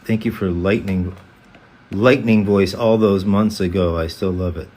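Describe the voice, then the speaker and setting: A man's voice: low voice, fairly even intonation, a little mellow. A man chatting casually on a live stream, reading fan comments aloud and answering them one by one. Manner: reads comments aloud, answers chattily, breaks into quick character voices. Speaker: voice actor hosting a live fan Q&A.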